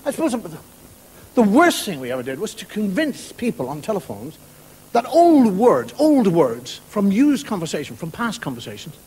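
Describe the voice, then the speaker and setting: High-pitched, husky and a little mellow, his voice swoops wildly as he speaks at a moderate pace. The Irish comedian performs stand-up on TV, doing the voices of the people in his story, with laughter and noise from the live audience behind him.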